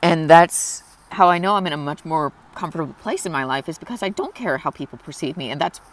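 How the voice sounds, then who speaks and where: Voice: mid-range voice, animated, fairly quick. A person in their twenties speaking earnestly and openly in a confessional personal vlog, reflective and emotional. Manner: emotional, close to tears at times. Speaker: vlogger.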